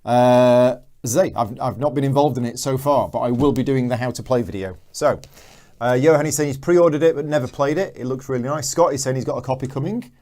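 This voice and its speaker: Chatty man with a mellow voice. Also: medium pitch, fairly quick. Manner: chatty, reads viewer comments aloud. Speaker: board game channel host. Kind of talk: live unboxing chat.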